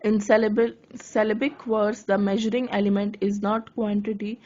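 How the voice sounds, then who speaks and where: A woman giving a lesson on writing poetry, reading her notes aloud haltingly and correcting herself as she goes. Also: mid-range voice, flat delivery, darkish tone. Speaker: lecturer. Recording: dull lo-fi recording.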